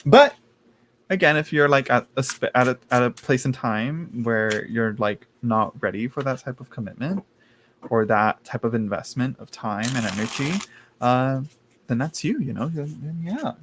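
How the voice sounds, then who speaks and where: A man hosts a live tarot reading stream, chatty and campy, often laughing and calling his viewers "girl." His mid-range voice is animated and a bit bright, at normal speed. There's slight background noise.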